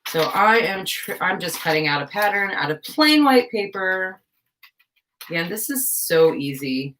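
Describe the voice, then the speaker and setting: A woman's voice: medium pitch, animated, measured pace, a bit bright, a little hiss or hum. A young woman chatting casually through a live craft stream, scatterbrained and self-deprecating, laughing often at herself. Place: home craft room.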